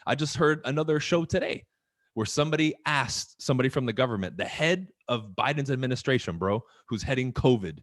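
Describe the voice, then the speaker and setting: A man in mid pitch talks on a podcast. He is animated and swears a lot, with rhetorical questions. His voice sounds close and dry. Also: fairly quick, no echo. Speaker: podcast guest. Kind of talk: casual podcast chat.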